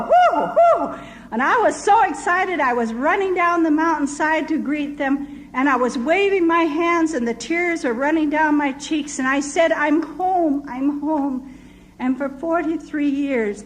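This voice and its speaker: A woman's voice: high-pitched, low-quality recording. An older woman, a missionary, telling her testimony as a vivid story. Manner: vivid storyteller who acts out quoted voices.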